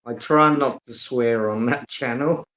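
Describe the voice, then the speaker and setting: A man's voice: mid-range voice, measured pace, a bit bright. An Australian man who runs a coin channel, chatting casually on a stream in a friendly, hesitant way. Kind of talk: casual chat. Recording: dull lo-fi sound.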